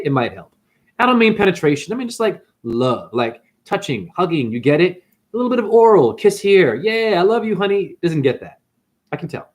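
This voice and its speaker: A man talks straight to camera in a ranting, storytelling monologue. His voice sits a little high for a man and leaps up and down all the time, so it sounds lively and animated. He tells the story casually, with plenty of emphasis. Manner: animated storytelling with big pitch swings. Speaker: spiritual vlogger.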